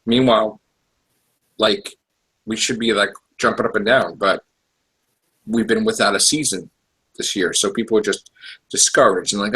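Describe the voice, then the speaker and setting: A man hosting a podcast, chatting in a rambling, excitable way with lots of fillers. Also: on the low side, moderate pace, pauses often, husky, poor audio. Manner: rambling, excitable fan talk with many fillers. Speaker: podcast host. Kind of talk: casual podcast chat.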